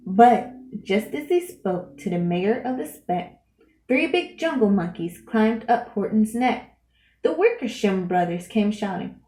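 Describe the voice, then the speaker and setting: A woman reading a rhyming children's book aloud in a lively, sing-song way. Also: mid-range voice, a little slow. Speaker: storyteller. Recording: roomy echo.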